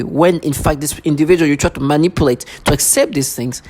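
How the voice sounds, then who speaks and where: A vlogger in an intense, repetitive personal monologue who keeps mimicking other people in a lower voice. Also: fairly quick, hardly any pauses, noisy background.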